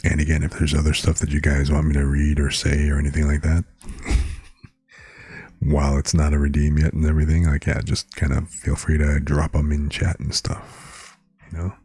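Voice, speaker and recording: Very deep, gravelly-voiced male streamer. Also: completely flat delivery, moderate pace, dark tone, no room sound. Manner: reads out words and definitions, chatting to viewers between them. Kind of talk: casual chat and reading words aloud.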